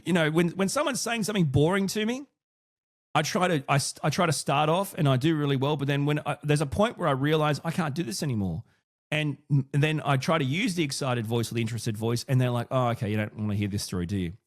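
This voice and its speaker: A man's voice: on the high side, sing-song, fairly quick. A man hosting his own podcast, talking casually and thinking aloud with frequent restarts and asides. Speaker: podcast host. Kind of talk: casual solo podcast talk.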